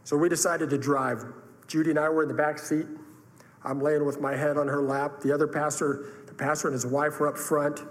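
Through long hall reverb and faint room ambience, a man preaches about a personal experience, his earnest, emotional testimony rising into outbursts. His voice is on the high side, level in tone, and fairly quick.

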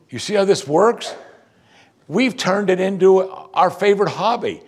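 A middle-aged male pastor preaching an animated sermon, acting out what people say to him. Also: high-pitched, measured pace. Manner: animated preaching, quoting congregants in mock voices.

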